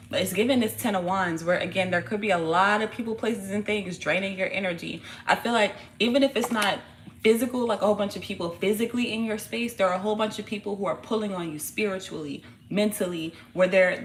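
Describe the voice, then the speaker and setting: A woman giving a casual tarot reading, talking in a blunt, profane, animated way full of slang. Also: medium pitch, a little hiss or hum. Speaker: tarot reader.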